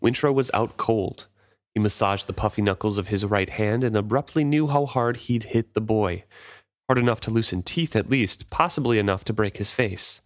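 Low-voiced man reading and chatting. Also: moderate pace, no echo, studio quality. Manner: relaxed, thinks aloud with restarts. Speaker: podcast co-host. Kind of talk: casual book discussion and read-aloud.

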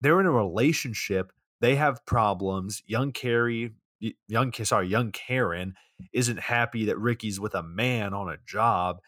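This man co-hosts a podcast, recapping a bad movie in a loose, profane, rambling way peppered with "like." His voice is on the low side and fairly bright in tone, delivered at a measured pace, with clean studio sound and no room sound.

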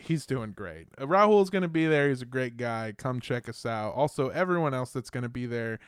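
An American man hosting a podcast, casual and joking, swearing freely and bursting into loud impressions. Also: medium pitch, expressive, brisk, smooth, no room sound, studio quality. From United States. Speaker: podcast host. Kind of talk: casual chat.

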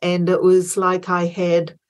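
Middle-aged woman guest, low-pitched and unhurried, hesitant storyteller with plenty of fillers. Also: monotone. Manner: hesitant, many fillers and restarts, acts out inner dialogue. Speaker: guest, former Olympic marathon runner. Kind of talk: interview storytelling.

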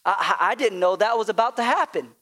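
A man mock-voicing a flustered male heavenly ruler, slow and stammering. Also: high voice, expressive, bright, forceful tone, pitched above the performer's own voice.

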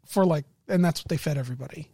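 A woman game master casually recounting a tabletop game session, animated and laughing often. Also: low voice, very fast, breathy edge, no room sound, studio quality.

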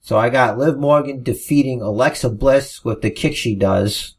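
A man co-hosting a podcast, casually reading out wrestling storylines with relaxed asides. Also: mid-range voice, normal speed, breathy edge. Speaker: podcast co-host.

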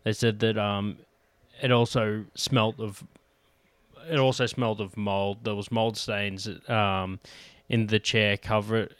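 A man's voice: on the low side, flat delivery, slow, clear, resonant tone, dry recording. Aussie guy on a podcast, cusses a lot, laughs through his stories, dead dry mic. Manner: swears a lot, laughs while telling stories. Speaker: podcast co-host. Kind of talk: casual chat.

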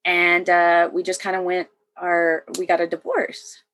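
A woman's voice: lowish voice, monotone, a little slow, fairly bright tone. A woman in her thirties, a military veteran, talking as a guest in a casual chat and often laughing between sentences. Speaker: podcast guest.

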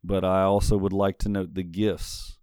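A man with a low, smooth, resonant voice delivers a sermon. He reads scripture in a measured, emphatic way, leaning on key words. The sound is dry and close, with no room echo. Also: level tone, a little mellow. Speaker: preacher.

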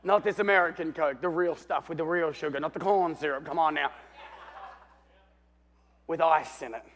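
A man preaching a sermon, telling the story with animation and swinging between loud and hushed while calling out for amens. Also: fairly high pitch, normal speed. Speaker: pastor.

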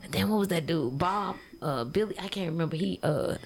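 A woman comedian guest on a casual podcast, telling animated stories and laughing through her lines. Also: fairly low pitch, fairly quick. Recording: loud background noise.

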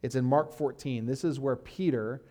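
Mellow-voiced man preaching casually. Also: mid-range voice, normal speed. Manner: casual, uses "like" and fillers, reads scripture aloud. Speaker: pastor. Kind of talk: conversational sermon teaching.

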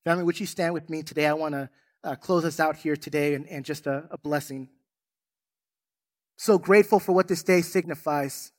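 A man's voice: fairly high pitch, fairly even intonation, normal speed. A male pastor with a slightly raised voice delivers a sermon in a church sanctuary. He preaches emphatically, weaving in stories, and his delivery rises and falls with the message. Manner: emphatic, storytelling.

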